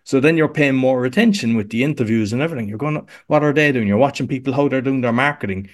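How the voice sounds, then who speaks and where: An Irish man talks through a relaxed interview from his home podcast room, rambling along with many restarts and little fillers. His voice sits at an ordinary middle pitch for a man. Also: fast. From Ireland. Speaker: podcast coach, guest. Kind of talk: casual interview chat.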